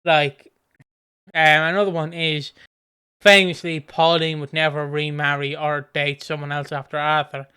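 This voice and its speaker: A man's voice: fairly high pitch, flat delivery, a little slow, bright, forceful tone, smooth. A man co-hosting a podcast in casual chat, rambling into tangents and laughing easily. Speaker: podcast co-host.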